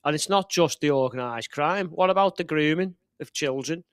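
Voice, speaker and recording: A man's voice: a little high, moderate pace, smooth, dry recording, clean studio sound. A man hosting a satirical commentary show, ranting in a sarcastic, indignant way. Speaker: show host.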